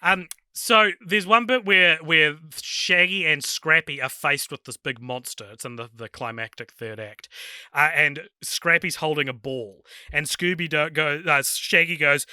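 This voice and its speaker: Animated bright-voiced man chatting films. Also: normal speed, smooth, no room sound, clean studio sound. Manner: animated, acts out cartoon lines in a high voice. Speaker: podcast co-host. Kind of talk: casual film review chat.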